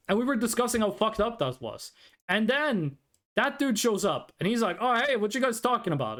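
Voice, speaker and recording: Animated young streamer. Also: mid-range voice. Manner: blunt, swears freely, animated retelling with quoted voices. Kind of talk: casual storytelling on stream.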